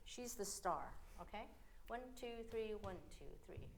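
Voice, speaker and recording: Middle-aged female coach, animated, counts and scats rhythms over a loud trio playing behind her. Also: mid-range voice, unhurried. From United States. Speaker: piano teacher leading a masterclass. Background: piano, violin and cello playing.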